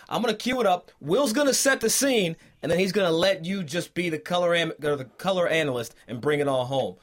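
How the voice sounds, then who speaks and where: A male host with a high voice for a man, running a laid-back sports talk show. He keeps things joking and easygoing. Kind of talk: casual sports chat.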